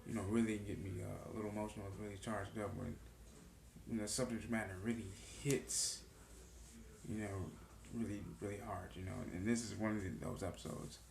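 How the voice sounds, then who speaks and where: A man's voice: on the low side, steady tone, a little fast, vocal fry, a little mellow, echoey room, a little hiss or hum. A man recapping and reacting to a TV episode in a casual, earnest vlog, rambling with many "you know" fillers. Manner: earnest, emotionally charged. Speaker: TV show reaction vlogger.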